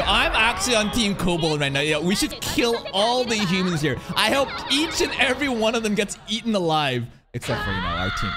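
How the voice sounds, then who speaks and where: Heated, profane man reacting to anime. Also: high-pitched. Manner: heated, profane, yelling at the screen. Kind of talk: live anime reaction commentary. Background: anime episode audio with music.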